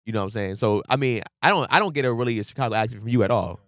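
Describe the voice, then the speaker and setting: A man co-hosting a podcast, ranting in casual chat and acting out friends in loud bursts. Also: mid-range voice, very fast, dry recording, studio quality. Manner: animated, ranting, acts out drunk friends with loud outbursts. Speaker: podcast co-host.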